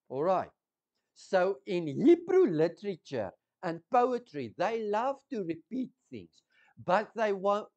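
A man preaching a sermon, teaching slowly, repeating key words and asking the congregation questions. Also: high voice, a little mellow.

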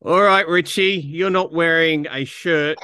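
Bright-voiced teasing podcast host, a man. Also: a little high, a little slow, clear, resonant tone. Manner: teasing, prompting questions. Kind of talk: casual chat.

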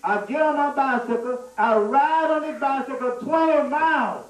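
A man tells a comic story from the pulpit, animated and laughing as he goes. His voice sits high. It is recorded in an echoey church from some distance off the mic. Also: moderate pace. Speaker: preacher. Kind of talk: storytelling sermon. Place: church sanctuary.

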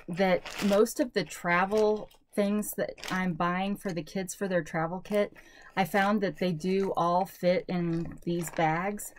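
A woman's voice: fairly low pitch, a little hiss or hum. A woman vlogger chatting casually through a product haul, rambling and thinking aloud with lots of fillers. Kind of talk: casual product review chat.

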